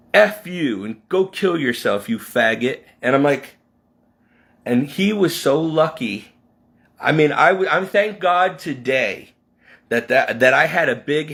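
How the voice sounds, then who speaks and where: A man's voice: a little high, vocal fry, a bit bright. A middle-aged man from Connecticut venting about his past in an impassioned, rambling personal vlog, often restarting his sentences. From Connecticut, USA. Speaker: vlogger.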